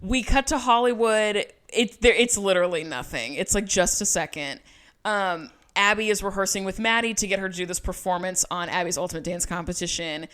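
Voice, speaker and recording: Casual swearing young woman podcast host. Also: brisk. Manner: animated, swears, mimics people with raised pitch. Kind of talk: casual recap chat.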